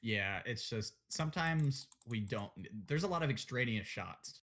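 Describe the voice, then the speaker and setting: A man's voice: medium pitch, animated, unhurried, fairly bright tone. A young man co-hosting a casual podcast chat, blunt and opinionated, swearing and joking as he goes. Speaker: podcast co-host.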